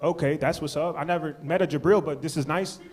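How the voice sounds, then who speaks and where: A man's voice: on the high side, fairly even intonation, fast talker, a little mellow. A man doing crowd-work stand-up, teasing and playfully roasting audience members at a live show. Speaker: comedian. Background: audience laughter and chatter.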